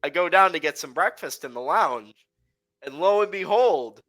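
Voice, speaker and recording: A man's voice: fairly high pitch, expressive, moderate pace, fairly bright tone, rough recording. A man co-hosting a casual chat, telling a travel story with lots of fillers and laughter. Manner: rambling, filler-heavy, laughs while telling. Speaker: podcast co-host.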